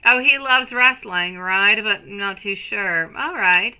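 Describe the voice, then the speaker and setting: A woman's voice: mid-range voice, slow, hardly any pauses, bright, forceful tone, smooth, low-quality recording. A woman in her thirties giving a live tarot reading, chatty and rambling, greeting viewers by name and calling them sweetie and my love. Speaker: tarot reader.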